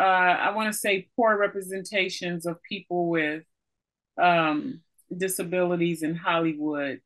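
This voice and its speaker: A woman's voice: medium pitch, poor audio. Woman, interviewer, easy laugh, conversational.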